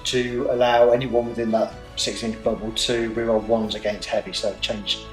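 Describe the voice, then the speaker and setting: A man playing as a guest in a tabletop wargame, explaining rules matter-of-factly with dry, deadpan quips. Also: mid-range voice, normal speed, soft background music. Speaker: guest player. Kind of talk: casual game commentary. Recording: roomy studio echo.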